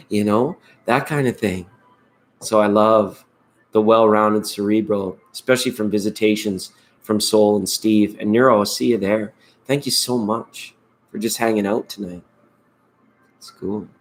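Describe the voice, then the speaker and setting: Rambling, playful low-voiced man. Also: fairly even intonation, measured pace. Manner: rambling, playful, laughs often. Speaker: tarot reader and live-stream host. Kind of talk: casual live-stream chat.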